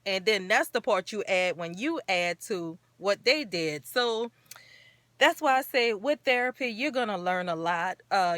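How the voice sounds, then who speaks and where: A woman's voice: mid-range voice, a bit bright, no echo. A woman hosting her own talk show, speaking earnestly and encouragingly in a rambling, casual way. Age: adult parent. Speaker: show host.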